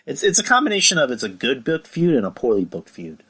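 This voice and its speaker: A man hosting a casual review podcast, rambling, swearing often and getting animated. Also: medium pitch, fast talker, breathy edge, low-quality recording. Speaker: podcast host.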